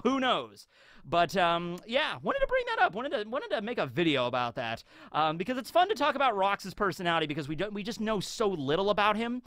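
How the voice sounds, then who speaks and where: A man giving casual, rambling commentary as an anime theory YouTuber, animated and laughing often. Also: high voice, no room sound, studio quality.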